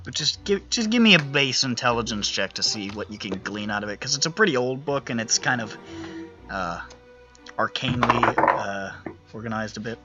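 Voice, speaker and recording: A man narrating as the game master of a tabletop game, talking in a relaxed, rambling way with many pauses. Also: mid-range voice, lo-fi sound.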